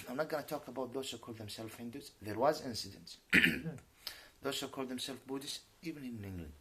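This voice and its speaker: A man's voice: mid-range voice, normal speed, slight background noise. A man whose first language is Arabic, ranting emphatically in an unscripted video and repeatedly swearing that he is telling the truth, switching between English and Arabic. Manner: emphatic, indignant, swears to his honesty. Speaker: YouTuber. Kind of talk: unscripted vlog rant.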